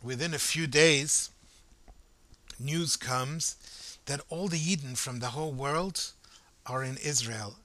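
A man telling a story in a lively, conversational way, addressing the listener directly and acting out the voices of crowds. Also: medium pitch, takes it slowly, pauses often, dry recording. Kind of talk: animated oral storytelling.

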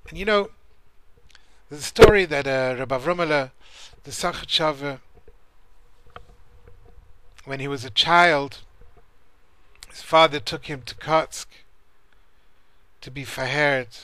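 A man's voice: a little high, takes it slowly, pauses often, fairly bright tone, no room sound. A man teaching a Torah class in an earnest, searching way, often restarting his sentences as he tells stories. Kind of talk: spoken Torah class with storytelling.

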